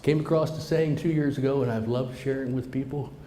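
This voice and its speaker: A middle-aged man gives a storytelling speech to a live audience in a meeting room. He swings between emphatic lines and hushed, near-whispered asides. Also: mid-range voice, fairly even intonation, a little fast, a little hiss or hum. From Southern United States. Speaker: motivational speaker.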